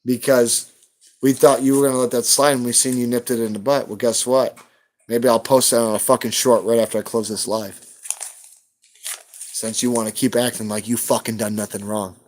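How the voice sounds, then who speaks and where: A man's voice: medium pitch, level tone, moderate pace, a little mellow. A man on a live stream, ranting heatedly at someone and cursing constantly in a confrontational way. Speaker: livestreamer hunting for rare banknotes.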